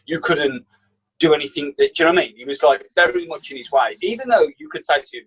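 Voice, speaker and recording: Animated storytelling man, Birmingham accent, husky voice, raised pitch. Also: fast, poor audio. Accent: Birmingham English. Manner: animated anecdote teller, acts out quotes. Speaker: chef guest. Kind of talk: casual storytelling.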